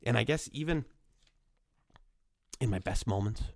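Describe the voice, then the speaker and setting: A young man with a cold telling a rambling comic story, full of fillers, sometimes jumping into squeaky voices for the people he quotes. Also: lively intonation, a little slow, no room sound, studio quality. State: nasal from a cold. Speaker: comedy podcast host.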